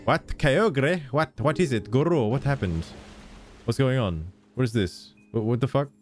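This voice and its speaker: A young man giving casual gameplay commentary as a streamer, chatty and swearing freely with quick exclamations. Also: medium pitch, lively intonation, a little mellow, soft background music. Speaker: vtuber streamer.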